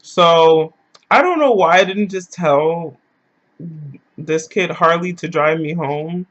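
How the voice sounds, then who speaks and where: A man's voice: a little high, takes it slowly, fairly bright tone, muffled recording. A man telling a story in a casual vlog, loose and slangy, rambling as he goes.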